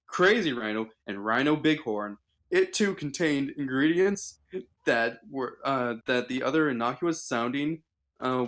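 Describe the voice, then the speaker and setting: A man's voice: medium pitch, a bit bright. A man reading an article aloud on a casual livestream, stumbling with fillers and restarts.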